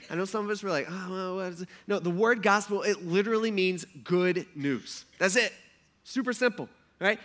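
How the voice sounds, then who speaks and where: A man preaching a sermon to his congregation, animated and joking, often acting out the people he describes. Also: high voice. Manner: animated, joking, acts out voices. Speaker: pastor.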